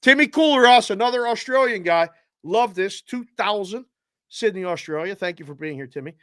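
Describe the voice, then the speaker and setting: A male host on a live show, cheerfully reading out viewer shout-outs with names and area codes. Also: high voice, animated, moderate pace, no room sound, studio quality.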